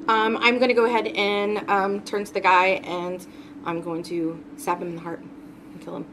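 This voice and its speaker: A woman's voice: medium pitch, normal speed, background noise. A woman playing a tabletop game, casual and playful. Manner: playful, animated. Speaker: player.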